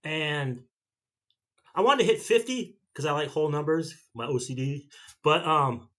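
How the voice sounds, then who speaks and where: Bright-voiced man in his fifties rambling. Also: a little high, measured pace. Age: 50s. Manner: rambling storyteller who repeats and restarts himself. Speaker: vlogger. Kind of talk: casual chat.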